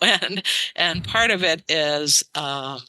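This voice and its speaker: A woman translator, a guest on a podcast, explaining in an animated way and tapping out verse rhythms aloud. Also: deep voice, slow pace, a little hiss or hum, low-quality recording. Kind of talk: casual podcast interview. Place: studio.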